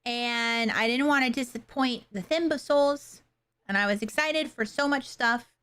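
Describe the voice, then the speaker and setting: A young adult woman chatting casually with her livestream viewers, halting and soft-spoken, with many fillers and pauses. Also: a little high, smooth. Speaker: streamer.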